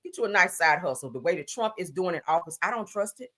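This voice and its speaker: A woman hosting a livestream, giving sassy, animated commentary on news and gossip, swearing freely and calling listeners honey. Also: fairly low pitch, fast talker. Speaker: livestream host.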